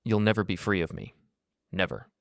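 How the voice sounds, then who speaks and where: A man's voice: low-pitched, lively intonation, a little fast, creaky, no echo, clean studio sound. A man voicing a vengeful young ex-con. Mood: cold. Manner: taunting, menacing. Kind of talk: storybook narration.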